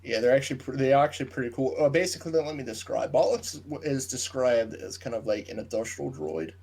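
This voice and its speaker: Husky male podcast co-host, loose conversational delivery, wanders into asides while explaining. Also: medium pitch, lively intonation, quick pace, darkish tone. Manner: explains plot details at length, trailing off into asides. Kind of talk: casual book discussion chat.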